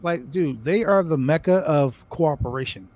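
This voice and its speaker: Excitable rambling male podcast co-host. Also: a little high, normal speed. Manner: excited, rambling, repeats words and swears. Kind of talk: casual wrestling podcast chat.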